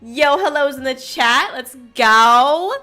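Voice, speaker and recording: A young woman hosting a casual livestream, bubbly and chaotic, greeting her chat loudly and laughing often. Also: high-pitched, lively intonation, takes it slowly. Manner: frequent laughter. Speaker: streamer host.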